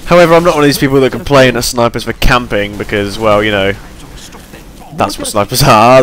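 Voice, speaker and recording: A man's voice: medium pitch, fairly quick, a bit bright. A tired young man giving rambling, chatty commentary over his gameplay, yawning between points. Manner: rambling, chatty, self-deprecating.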